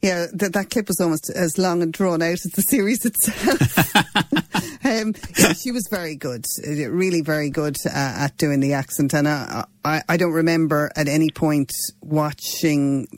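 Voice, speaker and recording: A woman's voice: deep voice, moderate pace, dry recording. A woman co-hosting a radio talk show, wry and conversational. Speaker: radio co-host.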